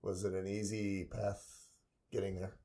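A male interviewer with a very low, mellow voice. He talks haltingly, restarting and repeating words as he works his way into each question. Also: little pitch movement, gravelly. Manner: halting, stumbles over words. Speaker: interviewer, host. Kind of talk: conversational interview.

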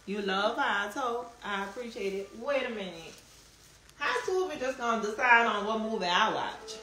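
A woman's voice: on the high side, normal speed, soft background music. A woman chatting casually with viewers on a live stream, answering comments and laughing often. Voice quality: strong Southern drawl, relaxed slang. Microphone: phone. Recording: echoey room, faint background hum.

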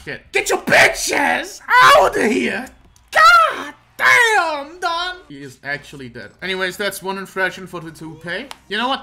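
A young man giving casual let's-play commentary, excitable and self-mocking, swearing often and breaking into laughter. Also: on the high side. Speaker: gaming commentator.

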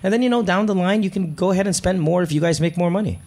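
A man's voice: high-pitched, very fast, darkish tone. A man hosting a call-in advice show, blunt and teasing, with casual cursing. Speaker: radio advice show host.

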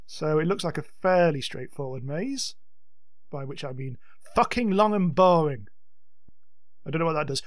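Excitable man yelping at a game. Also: fairly high pitch, moderate pace, no echo, studio quality. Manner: excitable, yelps and swears at the game. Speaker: let's-play host. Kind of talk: gameplay commentary.

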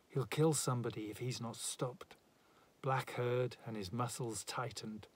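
A man reads a narrative poem aloud at an unhurried pace. His voice sits at a medium pitch, and he gives each line a measured, dramatic weight. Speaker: reader.

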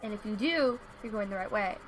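A woman's voice: mid-range voice, brisk, a crowd in the background. A woman co-hosting a game stream, dramatically guiding her friend step by step through the route. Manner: bossy, dramatic, gives directions step by step. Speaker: co-host guiding the player. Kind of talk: casual gameplay chat.

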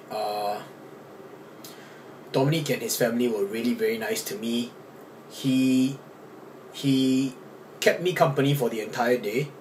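A young man chatting casually in a vlog, full of fillers and restarts as he talks into a handheld camera. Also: mid-range voice. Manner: rambling, with many fillers and restarts. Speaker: vlogger, dancer. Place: hotel room, then a cold street at night. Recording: camera audio with clear background noise.

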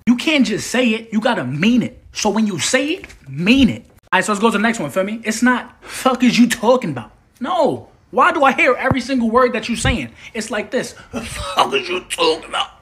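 A woman's voice: on the high side, very animated, brisk. A young woman with a New York accent performing brash, slang-heavy sketch comedy. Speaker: comedy skit creator.

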